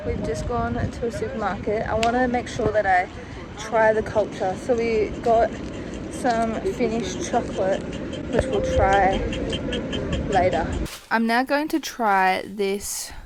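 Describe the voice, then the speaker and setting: A woman's voice: a little high, steady tone, a little slow, very noisy. A young woman from Australia chatting through a casual travel vlog, telling stories with lots of "like" fillers. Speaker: travel vlogger.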